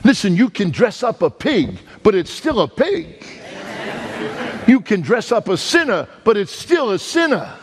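A male evangelist preaching a storytelling sermon, animated and joking with the congregation, acting out sounds and voices. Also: high-pitched, a little slow.

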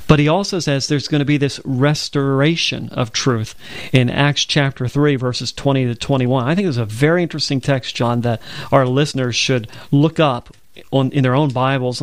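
A man's voice: medium pitch, no room sound. A man from Alabama with a Southern accent, hosting a radio Bible program and earnestly quoting scripture. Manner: earnest, quotes scripture at length. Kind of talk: conversational Bible discussion.

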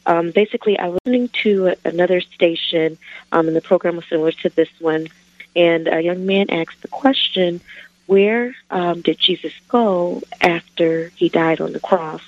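A woman caller on a radio phone-in, asking a Bible question hesitantly with many pauses. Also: fairly low pitch, no room sound. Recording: dull phone-in line.

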